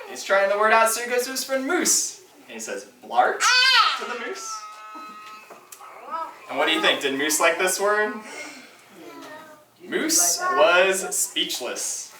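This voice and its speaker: An author reading his picture book aloud to preschoolers at a school, animated and asking the children questions. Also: high-pitched, measured pace, pauses often. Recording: echoey room, from far off, loud noise.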